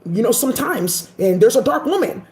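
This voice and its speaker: A woman's voice: a little high, big pitch swings, moderate pace, a little mellow, roomy sound. A woman voicing a worried young man who pleads with his father, anxious and earnest. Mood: hesitant.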